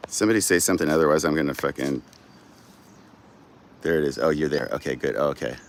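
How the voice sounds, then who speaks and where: A man's voice: rumbling low, fast, a little hiss or hum. A man hosting a livestream, chatting casually with viewers, swearing freely, rambling and laughing often. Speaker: livestream host.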